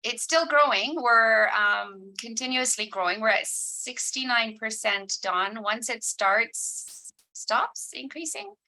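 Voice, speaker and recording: A woman co-facilitating an online workshop, adding brisk, short remarks to the host. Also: on the high side, pushed and bright, poor audio.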